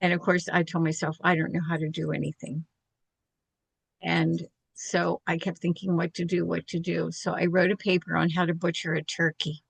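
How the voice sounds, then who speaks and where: An older woman with a lowish, gravelly voice tells a personal story in a candid, self-deprecating way. The sound is close and dry. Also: flat delivery, normal speed, dry recording. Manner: candid, self-deprecating, laughs while telling.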